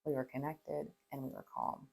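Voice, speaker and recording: A woman in her thirties with a notably low voice talks through parenting stories as a counselor. She is animated and laughs often. When she quotes herself calming her children, she turns soft and gentle. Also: normal speed, creaky, husky. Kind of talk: podcast conversation.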